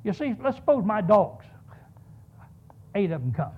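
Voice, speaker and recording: A man's voice: high-pitched, sing-song, measured pace, slightly rough. A man preaching a sermon, telling a story and asking rhetorical questions. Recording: tinny phone-like sound.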